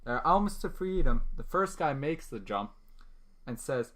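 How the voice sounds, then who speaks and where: A man co-hosting a casual podcast, retelling a story in an easygoing, unhurried way. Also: on the high side. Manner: retells the story at a slow, relaxed pace. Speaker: podcast co-host.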